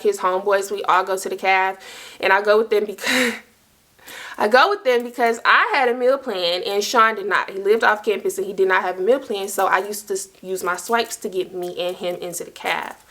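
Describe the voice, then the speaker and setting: A woman's voice: mid-range voice, fairly bright tone. Young woman, storytime vlogger, chatty, slangy, talks straight to her viewers. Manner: chatty, slangy, lots of "like" and asides to "y'all". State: dry mouth.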